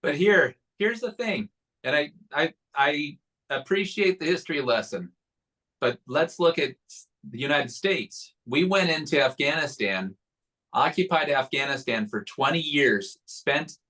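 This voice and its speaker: A man's voice: medium pitch, pushed and bright, poor audio. Firm man arguing a point. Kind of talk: political interview discussion.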